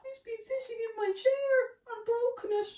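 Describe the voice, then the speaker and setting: Tiny squeaky baby bear, whiny and rushed, storybook voice put on by a woman, roomy echo. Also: fairly even intonation, warm tone. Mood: upset.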